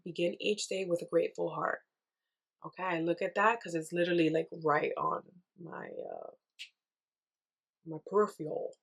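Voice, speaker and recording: Young woman podcaster, bright voice, talking to you like a girlfriend, super animated, voice sits a bit low. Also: vocal fry. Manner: chatty, animated storytelling, acts out her own reactions; says "girl" and "like" often. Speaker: podcast host. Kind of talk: casual solo podcast talk.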